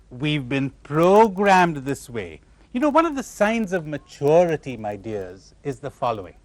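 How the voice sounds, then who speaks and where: Guy lecturing on spirituality, voice leaps all over, kinda high, dry close sound, keeps asking the crowd stuff. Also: dry recording. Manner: animated, questioning listeners, acting out imagined replies. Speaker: spiritual teacher. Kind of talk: spiritual lecture to a live audience.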